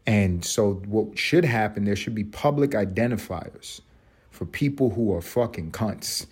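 A man's voice: fairly low pitch, unhurried, darkish tone, breathy edge. A man hosting a podcast, delivering a profane, mocking rant and laughing often. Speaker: podcast host. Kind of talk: ranting commentary monologue.

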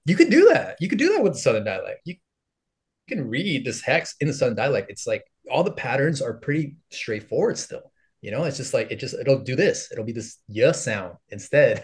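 A man's voice: mid-range voice, slightly rough. A young adult man from the United States, a podcast guest chatting casually, with lots of fillers and frequent laughter. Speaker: podcast guest, content creator. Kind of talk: casual interview conversation.

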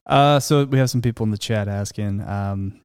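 Relaxed man talking golf bets, dry sound. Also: fairly low pitch, moderate pace, clear, resonant tone, dry recording. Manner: relaxed, filler-heavy, matter-of-fact. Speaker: golf podcast host. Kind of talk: casual sports betting chat.

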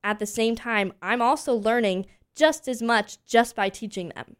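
A woman in her twenties, a voice teacher from Pennsylvania, chatting as an interview guest and telling animated stories full of fillers. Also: a little high, normal speed, clean tone. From Pennsylvania, USA. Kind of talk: casual interview chat.

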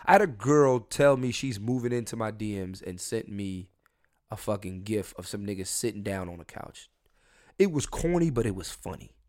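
A man's voice: lowish voice, expressive, normal speed, a little mellow. A young man hosting a solo podcast, talking in a crude, rambling, jokey way with lots of swearing and restarts. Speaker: podcast host.

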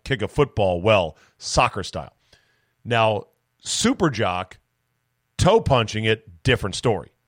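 A man hosting a solo sports podcast, talking in a rambling, animated way with profane, self-mocking asides. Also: medium pitch, no echo, clean studio sound. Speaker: sports talk podcast host.

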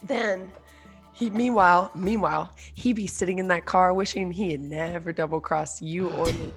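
A woman's voice: on the low side, fairly even intonation, moderate pace, breathy edge, soft background music. A woman playing an improvised comedy game, spinning an absurd story with gusto. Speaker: game player.

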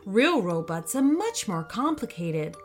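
A woman reading a storybook aloud, voicing a gentle mother who speaks reassuringly. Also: medium pitch, sing-song, measured pace, soft background music. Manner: soothing, reassuring.

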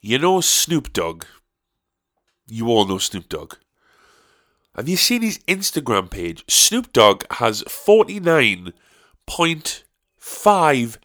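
A man's voice: mid-range voice, very animated, takes it slowly, long pauses, a bit bright. A man hosting a podcast, ranting alone in a profane, sarcastic way. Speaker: podcast host. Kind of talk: solo podcast rant.

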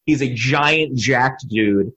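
A man guest on a podcast, chatting casually and ranting in an animated, profane way. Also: mid-range voice, slow pace, slightly rough, dull audio. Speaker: podcast guest, comedy writer. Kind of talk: casual chat.

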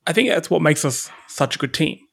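A man's voice: fairly high pitch, expressive, fairly quick, creaky, a bit bright. A young man co-hosting a podcast in casual chat, teasing and joking with his co-host.

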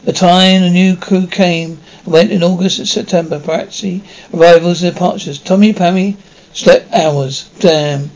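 A man flatly reading out a film script, stage directions and every character's lines alike, without acting them. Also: high voice, unhurried, muffled recording. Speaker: script reader. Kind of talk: flat reading of a screenplay, stage directions included.

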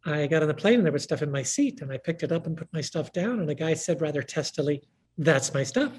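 A woman's voice: low voice, fast talker, slight background noise. A woman guest speaker telling stories in conversation, acting out the dialogue with animation. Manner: animated, acts out quoted dialogue. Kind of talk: conversational storytelling.

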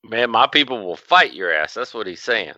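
A man's voice: fairly low pitch, sing-song, moderate pace, sharp tone, no room sound, dull audio. A man co-hosting a podcast, joking, rambling and profane. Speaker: podcast co-host. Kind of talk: casual podcast chat.

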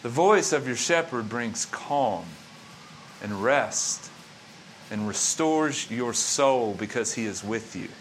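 A man's voice: mid-range voice, lively intonation, takes it slowly, fairly bright tone, slight background noise. A man preaching a sermon as pastor, with an emphatic, repetitive cadence.

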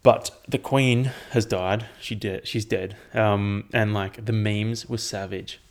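Rambling, profane Aussie guy, gravelly. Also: lowish voice, fairly even intonation, slow pace. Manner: rambling and profane, with frequent ums. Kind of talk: casual chat.

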